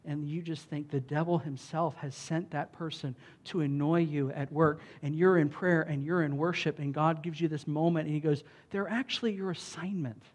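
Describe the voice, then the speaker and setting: A man with a noticeably high voice delivers a sermon as a pastor. His preaching is casual and conversational, full of "like" and "right?". When he reads scripture aloud, he punches it out loudly and with emphasis. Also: fairly even intonation, moderate pace, few pauses. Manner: loud emphatic bursts when reading scripture.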